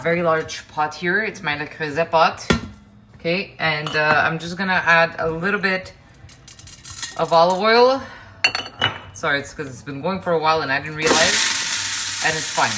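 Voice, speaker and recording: A woman's voice: fairly low pitch, background noise. A woman hosting a casual cooking demonstration in her kitchen, chatting straight to her viewers with frank asides. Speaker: cooking show host. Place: kitchen at the stove. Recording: clear frying and sizzling behind the voice. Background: sizzling pan, stirring, clicks.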